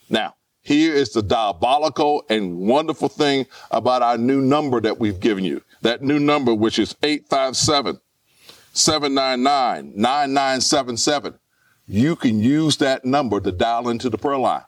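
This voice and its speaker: Male pastor, high voice, repeats himself for emphasis, mic a little far off. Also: no echo. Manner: repetitive, rhetorical questions to the congregation. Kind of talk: live sermon. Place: church.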